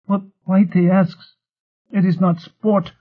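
A man's voice: sits high, little pitch movement, takes it slowly, voice pushed up. A man voicing a clipped, bossy alien creature. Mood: commanding. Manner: broken, clipped commanding speech. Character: small alien mind creature giving blunt orders. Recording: tinny phone-like audio.

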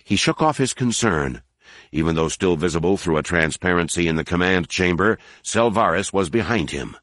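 A male narrator with a very deep voice, reading a novel in a measured, even way. The sound is dry and close, with no room around it. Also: no room sound. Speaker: audiobook narrator. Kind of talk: scripted narration.

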